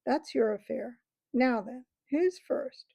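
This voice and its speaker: A sly male ape from a storybook who jeers and barks orders at the beasts around him. A woman puts him on, pitching up and pushing the volume. The gravelly tone sits on a dry, dull recording. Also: animated, slow pace, no room sound, heavily acted. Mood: menacing. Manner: sneering, taunting, shouting orders. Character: scheming jeering male ape, sly and bullying.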